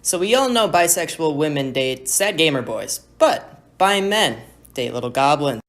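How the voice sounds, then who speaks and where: A woman's voice: low voice, animated, moderate pace. A woman making a playful, teasing comedic short video.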